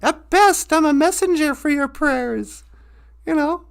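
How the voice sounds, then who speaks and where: A loud, grumbling old eagle spirit, acted by a woman storyteller. He sounds worn out by everyone asking him for help and pokes fun at himself. The voice sits high and carries some push. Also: measured pace, creaky. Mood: exasperated. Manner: exasperated, self-mocking. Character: gruff old male eagle spirit messenger.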